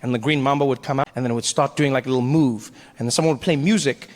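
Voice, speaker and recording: A man in his forties telling a stand-up story, animated and self-mocking, acting out the scenes. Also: medium pitch, very fast. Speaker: stand-up comedian.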